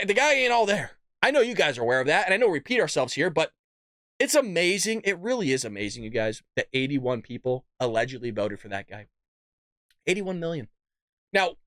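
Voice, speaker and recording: A man's voice: a little high, a bit bright, no echo, clean studio sound. A man hosting his own show, delivering an exasperated, sarcastic political commentary rant. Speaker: show host.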